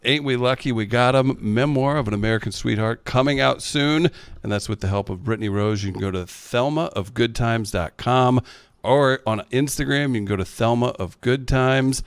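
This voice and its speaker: Crisp-voiced upbeat man co-host. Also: medium pitch, moderate pace, no room sound. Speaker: podcast co-host. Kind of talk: casual chat.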